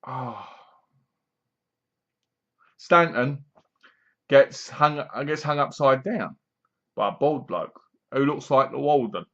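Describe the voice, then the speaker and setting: A man's voice: medium pitch, slow, pauses often, a bit bright, lo-fi sound. A man giving a rambling, scornful horror film review, often mimicking the characters. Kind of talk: casual ranting movie review.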